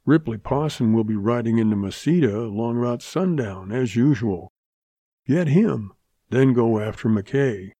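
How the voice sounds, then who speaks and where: A man voicing a scheming, ruthless saloon owner and rancher in a Western audiobook, gruff and blunt. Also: mid-range voice, expressive, a little slow, mellow, dry recording.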